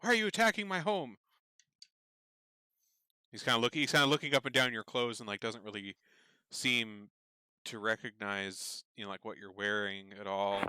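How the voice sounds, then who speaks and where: A man narrating a tabletop game as game master, relaxed and full of fillers. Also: fairly low pitch, normal speed, clear, resonant tone, dry recording.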